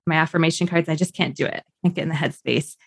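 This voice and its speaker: Woman guest, lively storyteller who slips into other voices, slightly low, dry close mic. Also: racing, husky, dry recording. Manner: animated, acts out the people in her story, laughs often. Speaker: podcast guest sharing her birth story. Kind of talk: casual storytelling.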